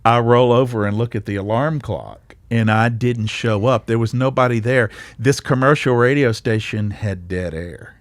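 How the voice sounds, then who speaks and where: A man's voice: mid-range voice, moderate pace, hardly any pauses, no room sound. A middle-aged man with a Southern accent, hosting a podcast and telling a joking story in casual chat. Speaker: podcast host. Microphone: studio microphone.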